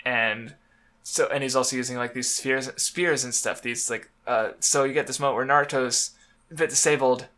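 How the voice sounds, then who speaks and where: A man's voice: medium pitch, steady tone, moderate pace, pushed and bright. A young man co-hosting a casual manga podcast, rambling with many fillers and restarts. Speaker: podcast co-host.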